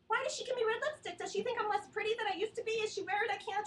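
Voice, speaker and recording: A woman's voice: extremely high pitch, very fast, hardly any pauses, a bit bright. A woman doing a rambling, self-deprecating stand-up comedy set in a small studio. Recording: roomy sound from a distant webcam mic.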